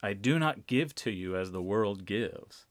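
A man preaches a sermon, unhurried and deliberate, leaning on repeated phrases for emphasis. His voice sits a little low, and he takes his time over every line. The sound is dry and close, with no room around it. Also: expressive, no echo. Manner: slow, deliberate, emphatic repetition.

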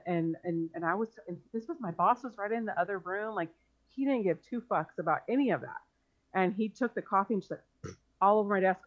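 Hesitant woman guest, muffled audio. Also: mid-range voice. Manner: hesitant, recounting, many fillers. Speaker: podcast guest. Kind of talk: casual podcast conversation.

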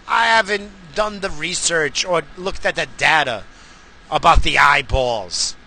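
A man rants in a loud, profane stream, his voice bright and cutting with a slightly raised pitch. He swears constantly and breaks into sudden shouts. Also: a little slow, vocal fry. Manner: heated, swearing, bursts into shouts. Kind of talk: profane comedic rant.

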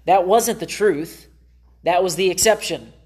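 A man's voice: sits high, a little slow, darkish tone, slightly rough. A man preaching in a church in an earnest, conversational way. He speaks as a pastor, giving a sermon to his congregation. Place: church sanctuary.

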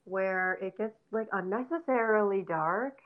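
A woman co-hosting a relaxed podcast, her voice at an ordinary middle pitch. She rambles with plenty of fillers and firm opinions. Her voice comes through a narrow, phone-like line. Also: measured pace. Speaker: podcast co-host. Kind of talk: casual podcast chat.

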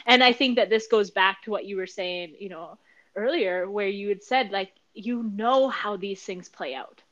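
A woman's voice: medium pitch, moderate pace, fairly bright tone, lo-fi sound. A woman co-hosting a podcast, talking things through in a supportive, reasoning way with frequent "like". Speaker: podcast co-host. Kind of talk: conversational podcast chat.

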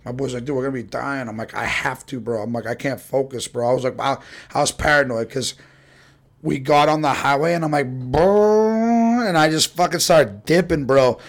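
A man's voice: mid-range voice, steady tone, fairly quick, vocal fry. A young man telling rowdy stories casually, swearing a lot and acting out the voices of people in them. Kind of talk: casual storytelling.

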